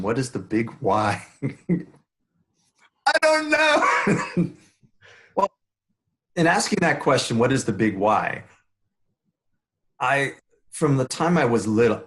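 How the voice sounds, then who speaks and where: An older man from the Bronx speaks with a New York accent. His talk is playful, full of jokes and easy laughter, as a guest in a relaxed interview. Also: fairly low pitch. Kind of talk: casual interview chat.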